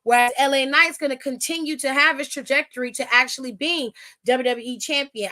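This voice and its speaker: High-voiced woman ranting on a podcast. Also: moderate pace, bright, forceful tone. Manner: blunt, profane, with acted-out quotes. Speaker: podcast host. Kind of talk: casual wrestling recap.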